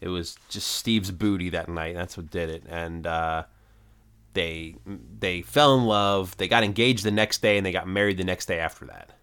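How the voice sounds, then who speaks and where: A man's voice: low voice, steady tone, normal speed, fairly bright tone, clean tone. A man co-hosting a podcast, casually retelling a plot with frequent ums and uhs. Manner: plot retelling with many fillers. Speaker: podcast co-host. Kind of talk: casual recap chat.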